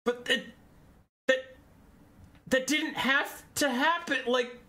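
A man's voice: extremely high pitch, fairly even intonation, slow, sharp tone. A young man in a casual, exasperated lore rant, sarcastic and swearing often. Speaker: lore video creator.

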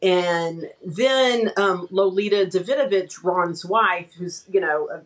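A woman's voice: on the low side, slow pace, poor audio. A woman from East Texas, an author guest in a casual interview, modest and easygoing, trailing off with fillers.

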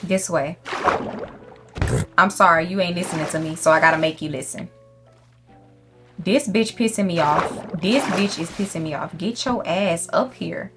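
A woman's voice: fairly low pitch, moderate pace, long pauses, music in the background. A young woman giving casual gameplay commentary, brash and profane, scolding the animals in her game. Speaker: gaming YouTuber.

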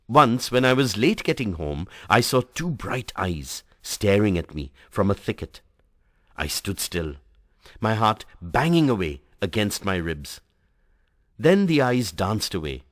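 A man teaching a class by reading a textbook story aloud in an expressive storytelling manner. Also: fairly low pitch, no room sound, clean studio sound. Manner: dramatic, varied storytelling delivery. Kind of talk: expressive read-aloud narration.

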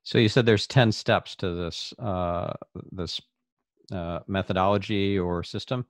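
A male podcast host puts a question to his guest slowly and carefully, pausing on fillers. His voice is low. The sound is dry and close. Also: fairly even intonation, no room sound. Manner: slow, measured, with hesitations. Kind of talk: interview questions.

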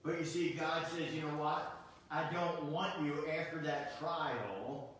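A man's voice: on the high side, unhurried, fairly bright tone. A middle-aged man preaching a sermon as pastor, earnest, asking rhetorical questions and often restarting his phrases. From United States. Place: church sanctuary. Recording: echoey church hall, distant mic, faint noise.

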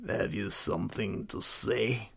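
A man putting on the voice of a sinister, taunting old male emperor, speaking slowly and in a hushed, menacing way. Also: lowish voice, creaky, husky, voice pushed down, full character voice. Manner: slow, hushed, menacing delivery.

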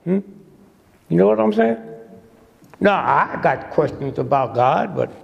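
A man's voice: fairly high pitch, expressive, measured pace, gravelly, lo-fi sound. An older man giving a humorous lecture to a live audience, sly and teasing, constantly prodding the crowd with "hmm?". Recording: long hall reverb.

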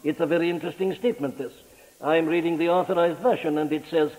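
A man preaching a sermon in an impassioned, rhetorical way, his pitch sweeping up on key words. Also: expressive, a little fast, a little mellow, big-room sound, low-quality recording.

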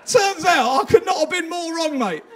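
Stand-up guy, really high voice for a man, crude self-mocking banter with the crowd at a live gig. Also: expressive, moderate pace, background noise. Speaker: stand-up comedian. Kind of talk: stand-up set with crowd work. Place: live comedy venue with audience.

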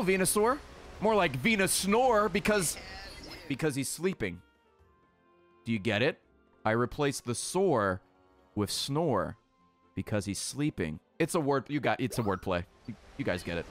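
Excitable, swearing man voicing game commentary. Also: mid-range voice, moderate pace, long pauses, faint music behind. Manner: excitable, swears a lot, talks to game creatures. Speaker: let's play host.

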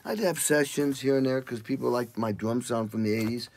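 An older man, a drummer, telling animated stories in a casual interview and acting out what people said. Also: fairly quick. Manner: animated, acts out quotes in loud high voices.

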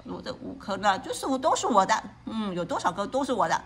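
A woman's voice: medium pitch, very animated, fast, hardly any pauses, fairly bright tone, slightly rough. A woman reading a storybook aloud to a child, explaining each page and often asking the child questions. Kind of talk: bilingual read-aloud.

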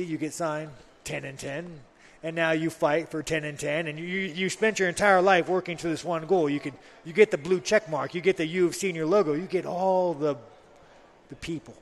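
A man's voice: fairly high pitch, long reverb tail. A man, a pro fighter on a live talk show, telling stories bluntly and with plenty of swearing. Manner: blunt, profane, rambling storytelling. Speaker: fighter guest. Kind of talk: casual chat.

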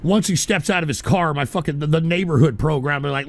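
A man's voice: a little high, fast talker, gravelly, few pauses, dry recording. A man hosting a call-in radio show, ranting brashly, swearing and repeating himself as he takes calls. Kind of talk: profane call-in radio rant.

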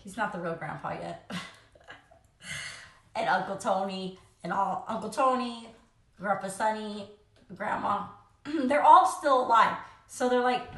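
A woman's voice: mid-range voice, a little slow, long pauses. A young woman chatting casually into her phone camera at home while doing her makeup, rambling and laughing often. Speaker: vlogger, mom of three. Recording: echoey room.

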